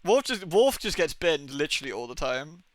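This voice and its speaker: A man's voice: fairly high pitch, very animated, moderate pace, dry recording. A young man chatting casually on a livestream, swearing often and laughing as he talks about old TV episodes. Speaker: streamer.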